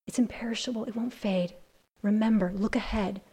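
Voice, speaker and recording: A woman leads a Bible study for a group of women. Her voice is mellow and warm, set at a middle pitch. She talks earnestly, sometimes hushed and sometimes rising to strong emphasis. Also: steady tone, brisk, slightly rough. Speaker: Bible teacher.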